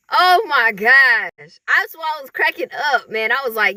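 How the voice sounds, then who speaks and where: High, bright-voiced woman ranting with laughs. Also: a little slow, hardly any pauses, no room sound. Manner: animated, laughing, acts out others in mocking voices. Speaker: vlogger. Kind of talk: casual monologue to camera.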